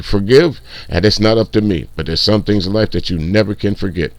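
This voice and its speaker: A man's voice: fairly low pitch, a little fast, creaky, no echo. A man hosting casual reaction commentary, blunt, profane and mocking. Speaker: commentary channel host.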